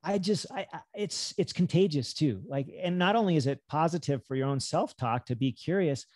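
A middle-aged man, a physician and health coach, talking as a podcast guest in an animated, enthusiastic way. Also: a little high, moderate pace, no room sound, clean studio sound. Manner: animated, enthusiastic, jumps into acted self-talk. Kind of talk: casual podcast conversation.

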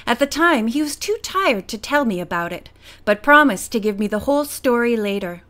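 A woman voicing a calm middle-aged lawyer who speaks in a measured, formal way. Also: on the high side.

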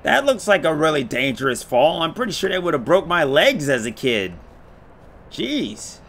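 Male game streamer, lively pitch, faint hiss behind, cusses and shouts when jumpy. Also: normal speed. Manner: swears a lot, yelps and shouts when startled. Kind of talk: casual gameplay commentary.

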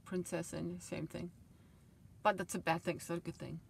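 A middle-aged woman telling a rambling personal story in a vlog, swinging between loud outbursts and quiet asides. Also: lowish voice, level tone, moderate pace, gravelly, slight background noise. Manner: emotional, swings loud and soft, laughs often. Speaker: vlogger.

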